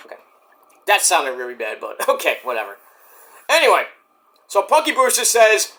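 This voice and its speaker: A man recapping a wrestling show in a casual, rambling vlog, cracking crude jokes and doing quick impressions. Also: high voice, wildly swooping pitch, sharp tone.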